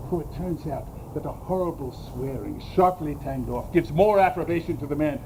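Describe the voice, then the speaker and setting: A man's voice: a little high, lively intonation, brisk, background noise. A man playing a jovial, scheming knight in an outdoor stage play, laughing as he plots. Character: jovial drunken knight Sir Toby. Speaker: community theatre actor.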